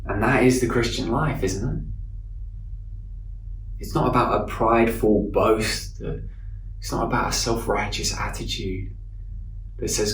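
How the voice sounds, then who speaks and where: A man preaching a sermon in an earnest way, slowing down and softening his voice for emphasis. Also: lowish voice, steady tone, a little hiss or hum. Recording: echoey room from a distance.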